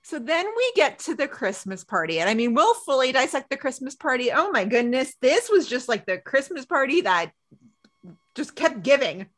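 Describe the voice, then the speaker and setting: A woman's voice: sits high, big pitch swings, normal speed, a bit bright. A woman co-hosting a podcast, chatting animatedly as she recaps a TV episode and acts out the characters' lines. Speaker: podcast co-host. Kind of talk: casual chat recapping a TV episode.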